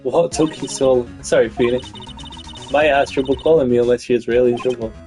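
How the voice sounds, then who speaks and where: A man reading the lines of a calm, encouraging woman lawyer who mentors the hero. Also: mid-range voice, a little fast, soft background music, close to an everyday voice.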